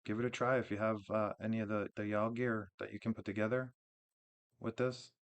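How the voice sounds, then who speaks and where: A man with a lowish voice speaks fairly quickly as he casually goes over a game build on his gaming channel, relaxed and rambling, restarting often and filling gaps with fillers.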